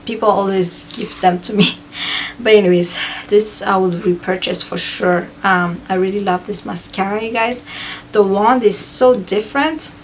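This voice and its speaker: A woman's voice: medium pitch, steady tone, moderate pace, slight background noise. A woman vlogger chatting casually through a review of used-up beauty products, with frequent fillers and repeated words. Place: home in Hawaii.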